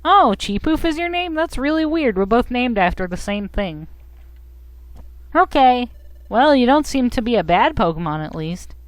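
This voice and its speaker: A woman voicing a friendly, eager young partner creature in a video game, reading its lines aloud in a chirpy, higher voice. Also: very animated, moderate pace, dry recording. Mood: surprised, apologetic.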